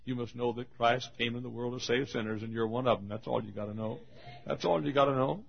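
A male pastor preaching a sermon in a church, with rhythmic repeated refrains that swing from loud calls to hushed asides. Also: mid-range voice, quick pace, creaky, muffled recording. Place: church auditorium.

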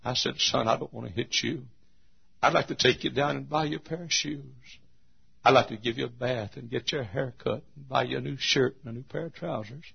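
Preacher guy, rough gravelly voice, goes loud then hushed, muffled old church tape. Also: a little fast. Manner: swings from loud shouted quotes to hushed low asides. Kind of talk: sermon. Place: church service.

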